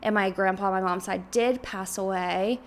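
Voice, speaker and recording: A woman's voice: medium pitch, fairly even intonation, moderate pace, slight background noise. A woman in her twenties hosting a podcast, chatting casually and rambling with lots of filler words. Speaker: podcast host.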